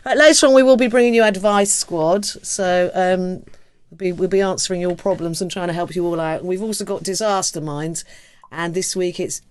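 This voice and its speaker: A woman's voice: lowish voice, normal speed, clean tone. An English woman co-hosting a casual comedy chat show, dry and sarcastic in manner. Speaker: co-host.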